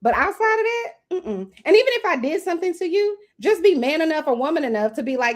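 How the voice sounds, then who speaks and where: A woman's voice: high-pitched, expressive, a little fast, few pauses. A woman hosting a casual online panel chat, talking bluntly and profanely about online drama. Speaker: host.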